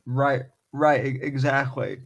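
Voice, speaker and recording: A man's voice: mid-range voice, takes it slowly, creaky. A man hosting a casual podcast discussion, speaking hesitantly and agreeably with many restarts. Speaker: podcast host.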